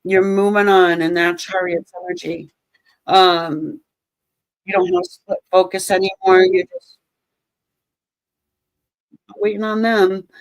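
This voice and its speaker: A woman's voice: mid-range voice, takes it slowly, long pauses, no echo, rough recording. A woman giving a casual tarot reading, joking and sarcastic, swearing and laughing often. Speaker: tarot reader.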